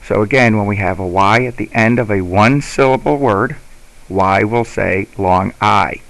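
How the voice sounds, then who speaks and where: This instructional lesson comes from a man whose voice is low and gravelly with a fairly bright tone, captured in rough audio. He moves step by step, slow and patient, much as a teacher would with parents and students.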